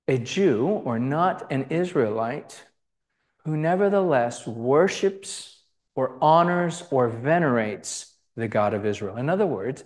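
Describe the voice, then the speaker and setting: A man's voice: medium pitch, darkish tone. A man giving a lecture on scripture, with conversational asides, who acts out the quoted voices. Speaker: Bible teacher.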